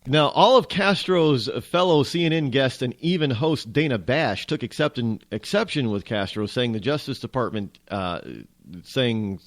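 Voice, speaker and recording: A man's voice: mid-range voice, lively intonation, normal speed. A man hosting a talk radio show, rambling and wry, with frequent restarts as he muses aloud. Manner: rambling, wry, self-interrupting. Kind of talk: casual talk radio monologue.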